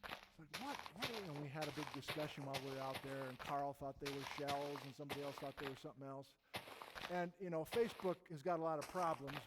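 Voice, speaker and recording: A man's voice: on the high side, long reverb tail, noisy background. A man in his fifties giving an informal geology talk, telling stories enthusiastically with chatty, self-deprecating asides. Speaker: geologist lecturer.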